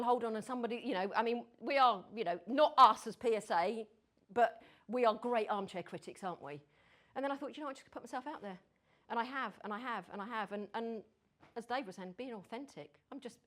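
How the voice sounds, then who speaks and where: A woman's voice: fairly high pitch, a bit bright. A British woman answering questions from an audience, direct and encouraging. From Britain. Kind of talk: live Q&A workshop talk. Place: room with an audience.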